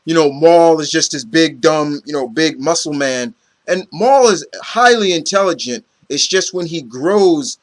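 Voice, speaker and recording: With an expressive, slightly high voice and an unhurried pace, a man rambles through a comic book recap, heavy on fillers and performing the characters' quotes. The recording is dry.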